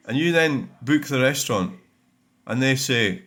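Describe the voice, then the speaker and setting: A middle-aged Scottish man who hosts his own dashcam channel reads through viewer comments in a casual vlog, rambling bluntly and swearing freely. His voice sits on the high side and is bright, expressive and forceful, at a moderate pace.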